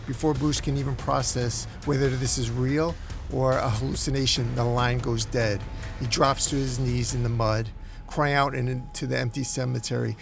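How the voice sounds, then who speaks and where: A man's voice: mid-range voice, level tone, moderate pace, vocal fry, faint music behind. A man hosting a comic recap, telling the story in a dramatic way. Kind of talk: comic book recap narration.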